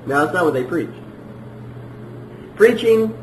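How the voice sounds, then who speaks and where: A man preaches a sermon in a high, lively voice that leaps up and down, repeating himself for emphasis. He moves from loud declarations to hushed asides, and the room rings with echo over a faint background hum. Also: unhurried.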